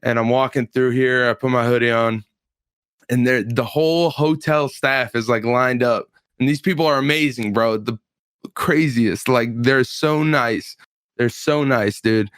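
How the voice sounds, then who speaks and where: A man's voice: medium pitch, measured pace, a bit bright, smooth, dry recording, studio quality. A man in his twenties, a pro fighter, telling a story in casual chat on a podcast, laid-back and full of slang and filler words.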